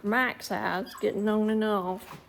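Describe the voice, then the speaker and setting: A woman's voice: mid-range voice, steady tone, takes it slowly, gravelly, a little hiss or hum. A middle-aged woman, rambling casually through a home vlog in her living room and often trailing off to start over. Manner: rambling, chatty, trails off and restarts. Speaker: vlogger.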